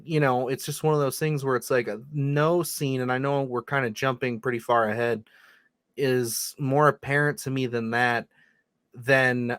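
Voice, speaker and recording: A man's voice: medium pitch, fairly bright tone, clear, resonant tone, no room sound. A man co-hosting a podcast, reviewing a film in blunt, profane, rambling casual chat. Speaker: podcast co-host.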